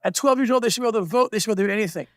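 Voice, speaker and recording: Fast, impassioned man on a clip. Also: high voice, clean tone. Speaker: interview guest. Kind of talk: TV interview.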